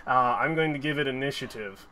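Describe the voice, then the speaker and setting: A man running a tabletop game as game master, narrating slowly and haltingly with frequent restarts. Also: mid-range voice, noisy background.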